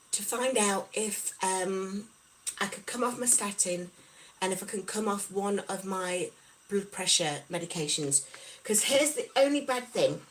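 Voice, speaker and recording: A woman's voice: medium pitch, poor audio. A middle-aged woman from the UK, chatting casually on a livestream and reading out viewers' comments. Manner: chatty, reads out viewer comments and replies warmly. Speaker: livestream host.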